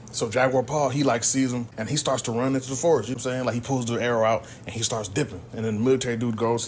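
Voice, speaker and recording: A man hosting a podcast, retelling a film's plot casually and full of slang. He tells it with energy, in a voice of ordinary middle pitch, and faint ambient noise sits under his voice. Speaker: podcast host. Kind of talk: casual movie recap.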